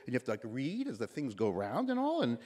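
A man's voice: medium pitch, huge pitch swings, fast, darkish tone. A man in his sixties with a slightly nasal voice gives a commencement address, telling stories and acting out the voices of people he quotes. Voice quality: a little nasal. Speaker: commencement speaker.

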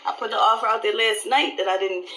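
A woman pastor giving an animated, live-streamed devotional talk, repeating her phrases and laughing often. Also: mid-range voice, fast, a little hiss or hum, poor audio.

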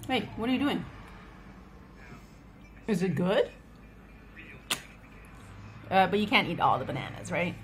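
A woman's voice: on the low side, very animated, a little slow, pauses often, slight background noise. A woman filming a casual family home video, teasing and coaxing her child in a playful, chatty way.

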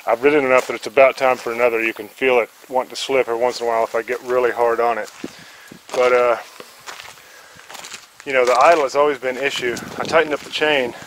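A man's voice: mid-range voice, flat delivery, fast talker, fairly bright tone, slight background noise, low-quality recording. Profane, rambling man in a shed. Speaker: vlogger. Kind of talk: casual rambling vlog. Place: cluttered backyard shed.

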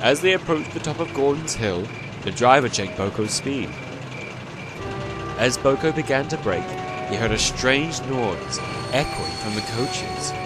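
A man narrating a storybook tale in scripted narration with an expressive telling. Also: medium pitch. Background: background music.

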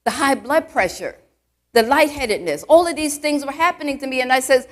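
A woman's voice: high voice, animated, brisk. Chatty woman preaching to a congregation. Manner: chatty, full of "you know" asides, quizzes the congregation. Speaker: church elder preaching. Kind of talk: conversational sermon. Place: church, before a live congregation.

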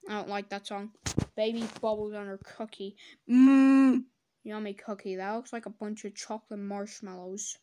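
A woman doing comedic reaction commentary, sarcastic and swearing, breaking into loud silly voices. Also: medium pitch, level tone, brisk. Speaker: commentator reacting to fan drawings.

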